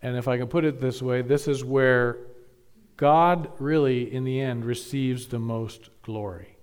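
A man preaching a sermon, teaching carefully with measured emphasis and occasional restarts. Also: mid-range voice, clean tone. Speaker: pastor.

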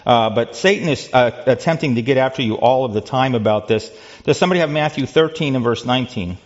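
A man's voice: medium pitch, fast talker. Man, Bible study teacher, conversational, quizzes the group, restarts phrases, dull lo-fi sound. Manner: conversational, asks the group questions, repeats words.

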